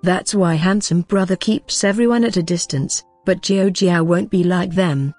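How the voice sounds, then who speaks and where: Woman narrator, scripted story, even synthetic read, husky, faint music. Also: lowish voice, normal speed, few pauses, dry recording.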